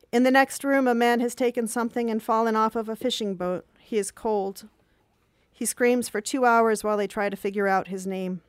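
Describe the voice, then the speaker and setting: A woman in her thirties reading her own diary entries aloud in a calm, measured, reflective way. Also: on the high side, no room sound. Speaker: reader of her own journal.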